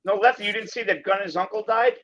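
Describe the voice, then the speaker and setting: A man's voice: sits high, fast, fairly bright tone. Guy calling in over a muffled online connection, pushy, keeps cutting in. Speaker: caller. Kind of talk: casual group voice chat. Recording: muffled online call audio.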